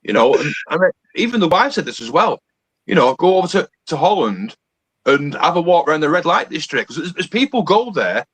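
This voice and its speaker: A man's voice: on the high side, big pitch swings, a little fast, a bit bright, breathy edge, no room sound, rough recording. A man rambling on a casual live panel chat and repeating himself. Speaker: panel guest.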